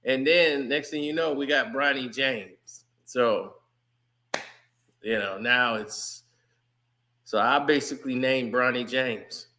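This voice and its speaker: A man giving casual, animated sports commentary on his channel, laughing often. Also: mid-range voice, slow. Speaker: YouTube commentator.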